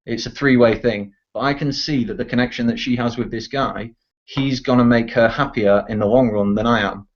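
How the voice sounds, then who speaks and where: In a casual online voice chat, a teenage boy with a medium-pitched voice speaks at a moderate pace with fairly even intonation. As a discussion participant, he rants bluntly with frequent swearing, captured in dull lo-fi audio.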